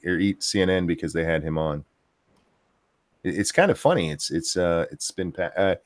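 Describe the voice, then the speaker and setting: A man's voice: sits low, dry recording, studio quality. A man hosting a casual political chat show, talking in a rambling way with many fillers and restarts. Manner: rambling, filler-heavy delivery. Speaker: podcast host.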